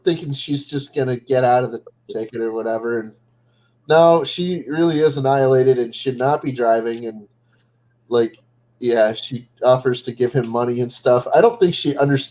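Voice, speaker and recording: A man's voice: mid-range voice, dark tone. A man joining a casual livestream chat as a guest, laid-back and joking. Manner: laid-back, joking, says "bro" and "dude". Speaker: stream guest.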